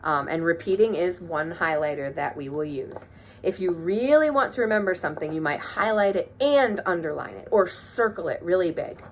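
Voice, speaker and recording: A woman's voice: lowish voice, expressive, moderate pace, a little hiss or hum. A woman teaching a music lesson to children, encouraging them and counting rhythms aloud.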